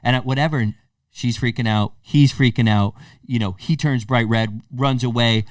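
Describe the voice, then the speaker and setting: A young man co-hosting a casual podcast, animated and profane as he acts out the people in his stories. He sits a little away from the mic in a dry, dead room. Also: mid-range voice, moderate pace, dry recording, recorded from a distance. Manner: animated, swears freely, acts out quotes. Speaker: podcast co-host. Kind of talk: casual storytelling chat.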